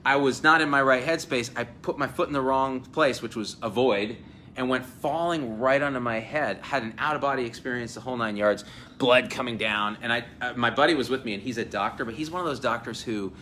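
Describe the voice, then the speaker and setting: A man in his forties from New Jersey, hosting an energetic live chat at a hotel event and telling stories with acted-out quotes. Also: mid-range voice, a little fast, slight background noise. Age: 40s. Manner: animated, storytelling, acts out quotes. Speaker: host. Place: hotel event space with crowd.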